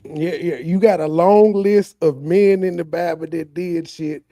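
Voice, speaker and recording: A man's voice: a little high, fairly even intonation, a little slow, few pauses, warm tone. A male streamer reacting to clips and ranting profanely at a viewer in chat, heated and preachy, drawing out words for emphasis. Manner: heated, preachy, addresses a chatter directly. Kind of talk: profane casual rant.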